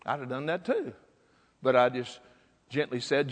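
A man's voice: medium pitch, sing-song, unhurried, in a large hall. An older male pastor preaching a sermon emphatically, with repetition.

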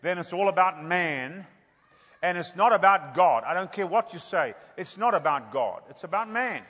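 In a church, a high-voiced male preacher gives a funny sermon at normal speed, his voice carrying a breathy edge and a long reverb. He jokes animatedly, teasing the congregation with rhetorical questions and repeating "hello?" for laughs.

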